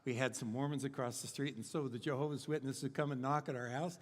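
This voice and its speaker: A man's voice: mid-range voice, fairly even intonation, fast. An older man preaching a humorous sermon, rambling and joking with many fillers and restarts. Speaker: guest preacher. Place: church sanctuary. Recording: long hall reverb in a church.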